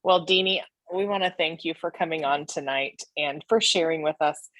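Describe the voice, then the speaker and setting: A woman with a very low voice gives encouraging closing remarks as co-host on a video call. The sound is dry and close, and she speaks with emphatic, motivating warmth. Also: moderate pace, no room sound. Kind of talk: casual motivational talk.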